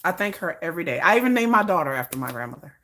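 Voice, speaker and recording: A woman talking casually on a live stream and telling personal family stories in an animated way. She laughs often and repeats or restarts phrases as she talks. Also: fairly low pitch, quick pace.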